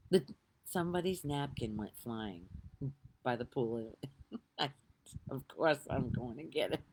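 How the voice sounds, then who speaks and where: A middle-aged woman telling a story in a casual, lively way, laughing often and swearing now and then. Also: deep voice, a little hiss or hum. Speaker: vlogger.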